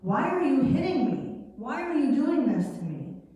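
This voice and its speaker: A woman voicing a loyal talking donkey who pleads in a hurt, high voice. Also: sing-song, moderate pace, mellow. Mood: pleading. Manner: plaintive, pleading, high-pitched. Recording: echoey hall from far off.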